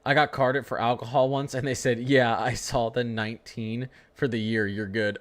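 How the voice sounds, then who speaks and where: A man's voice: mid-range voice, little pitch movement, normal speed, hardly any pauses. A young man hosting a live severe-weather stream, chatting casually and teasing his viewers. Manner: joking, talks to chat, frequent laughs. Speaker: livestream weather host.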